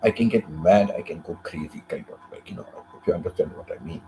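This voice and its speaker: A man's voice: deep voice, quick pace, warm tone, poor audio. A man hosting a casual talk who repeats his phrases and often checks in with "you know" and "correct?". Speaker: host.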